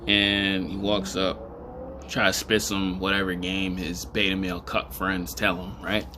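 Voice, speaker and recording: A man vlogging in casual commentary, rambling and chuckling, animated and emphatic as he talks straight to viewers. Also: sits low, measured pace, background noise.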